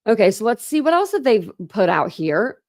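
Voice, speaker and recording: A woman's voice: fairly high pitch, very animated, moderate pace. Woman, true crime YouTuber, indignant, exasperated, reads documents aloud and talks back at them. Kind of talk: reading court documents aloud with heated commentary.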